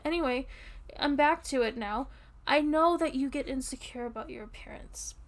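Woman voicing a drunk doting girlfriend, high voice, gravelly fry, soft rambling, audio role-play. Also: normal speed. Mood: tipsy affectionate. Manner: rambling, giggly, soft and intimate. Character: tipsy affectionate young girlfriend, rambling and sweet.

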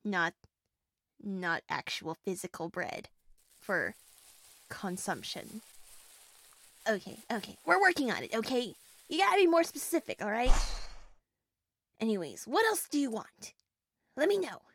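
A woman playing a giggly, breathy wish fairy. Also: mid-range voice, big pitch swings, takes it slowly, pauses often, a bit bright, exaggerated voice. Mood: playful. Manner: giggly, rambling, stammering with many fillers. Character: giggly flustered female wish-granting fairy, small and chatty. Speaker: audio role-play performer. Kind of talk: audio role-play.

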